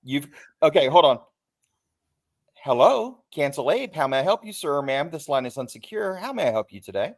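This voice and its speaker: A man's voice: a little high, very animated, normal speed. A man voicing an overly polite male phone-line service agent in a comic bit on a livestream. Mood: mock-courteous. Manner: mock-courteous customer-service patter.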